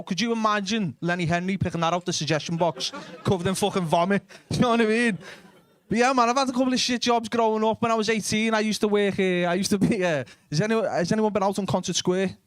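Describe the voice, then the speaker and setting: A man's voice: sits high, fairly even intonation, fast talker, no room sound. A young man with a Liverpool accent doing live stand-up, blunt and sweary, chatting with the audience. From Liverpool, England. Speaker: stand-up comedian. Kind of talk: live stand-up comedy with crowd work.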